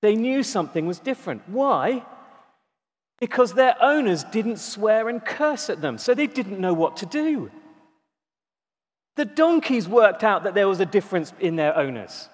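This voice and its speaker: A man preaching a sermon, emphatic, slowing down to stress key words and repeating them. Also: sits high, sing-song. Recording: long reverb in a large hall.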